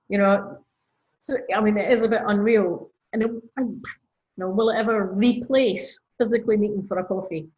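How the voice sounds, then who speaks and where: A woman's voice: medium pitch, fairly even intonation, normal speed, long pauses, a little mellow, dull audio. A woman with a Scottish accent, a church minister chatting casually as a podcast guest, with lots of fillers. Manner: chatty, frequent fillers and laughs.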